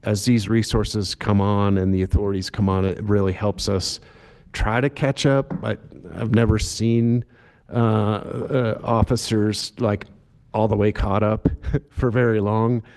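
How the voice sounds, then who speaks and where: A man speaking at a public commission meeting, talking in a halting way with many fillers and restarts. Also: on the low side. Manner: self-described monotone delivery. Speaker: agency director at a commission meeting. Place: meeting room.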